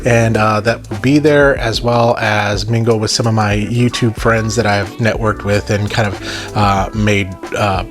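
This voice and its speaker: A man's voice: lowish voice, steady tone, unhurried, over music. A man with a Southern accent hosting a toy review channel, talking casually and enthusiastically to viewers with joking asides. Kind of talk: casual vlog chat to viewers.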